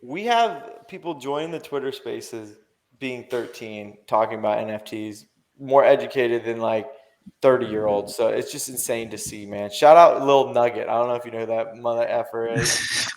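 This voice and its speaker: Young male podcast guest, gravelly fry in the voice, rambling and slangy, plenty of fillers and swearing. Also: medium pitch, normal speed. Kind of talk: casual podcast chat.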